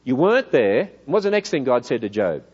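A middle-aged man with an Australian accent, preaching in a church hall, lively and full of rhetorical questions. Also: medium pitch, a little fast, breathy edge, highs cut off. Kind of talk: church lecture.

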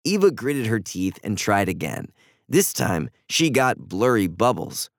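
Guy reading a kids' story, gravelly, lots of pitch swing, dry mic. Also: big pitch swings, a little slow, dry recording. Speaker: narrator. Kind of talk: storybook narration for children.

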